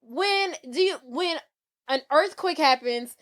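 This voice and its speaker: A woman's voice: high voice, slow. A woman co-hosting a podcast, recapping a movie in casual chat and laughing often as she tells the story. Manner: giggly, animated storytelling. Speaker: podcast co-host.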